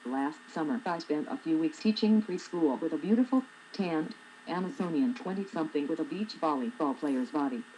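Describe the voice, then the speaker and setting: A woman's voice: low voice, animated, normal speed, mellow, slight background noise, rough recording. A woman in her forties, a blogger reading her own humorous essay aloud with a wry, sarcastic manner. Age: 40s.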